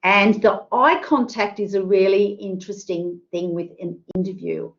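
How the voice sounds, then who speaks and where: A woman's voice: medium pitch, normal speed, highs cut off. A woman presenting an online careers workshop, chatty and full of fillers, asking the audience questions. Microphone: video call.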